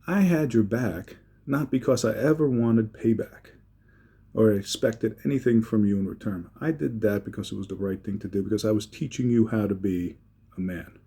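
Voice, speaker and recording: A man voicing a gruff dying man in his sixties, a blunt, plain-spoken fatherly mentor. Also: lowish voice, normal speed, mellow. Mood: earnest.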